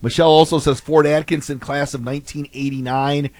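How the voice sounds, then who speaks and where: A man's voice: fairly high pitch, fairly even intonation, fairly quick, a little mellow, dry recording. Chatty joking radio host man. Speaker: radio morning show host. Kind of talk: casual radio banter.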